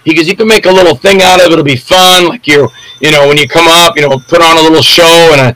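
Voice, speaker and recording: A man's voice: a little high, steady tone, quick pace, pushed and bright, rough recording. An older man, an actor, telling rambling anecdotes in a casual interview and acting out the voices of people in his stories.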